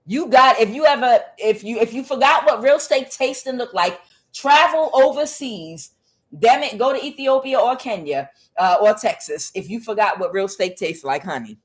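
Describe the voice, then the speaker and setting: This woman, a tarot reader, speaks on the high side with lively intonation and a moderate pace. She gives a casual reading that's chatty and profane, packed with fillers, and she calls the listener honey and child.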